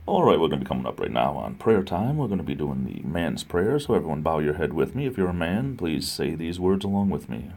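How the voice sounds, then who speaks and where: A man putting on a smooth male radio DJ voice, slow and mock solemn like an announcer. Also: rumbling low, very animated, darkish tone, pitched below the performer's own voice, heavily acted.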